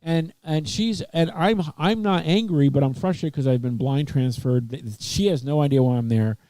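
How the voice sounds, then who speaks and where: A man's voice: a little high, moderate pace, warm tone, no room sound. A man hosting a webcast, telling a long story in casual chat, full of fillers, restarts and asides. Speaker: webcast host. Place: Texas.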